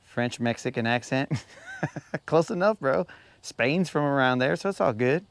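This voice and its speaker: A man's voice: medium pitch, lively intonation, measured pace, creaky. A man streaming live from a boat on a lake, talking casually to his viewers while he fishes and often calling them "bro". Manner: laid-back, chatty, says "bro" often. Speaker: fishing streamer.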